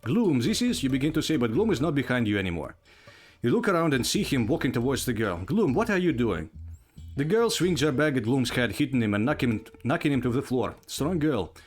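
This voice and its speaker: A man's voice: mid-range voice, very animated, fast, faint music behind. A man reading aloud a text adventure game as a story, with casual asides. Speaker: player narrating a text adventure.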